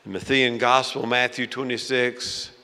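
A male pastor preaching a sermon in a church, dramatic and swinging between loud and hushed. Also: mid-range voice, little pitch movement, measured pace, creaky, smooth. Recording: long hall reverb.

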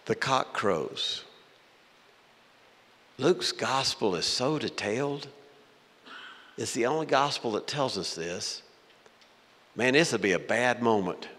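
A man's voice: mid-range voice, lively intonation, slow pace, pauses often. Dramatic male pastor in an echoing hall. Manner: dramatic, swinging from loud to hushed. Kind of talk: sermon. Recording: long hall reverb.

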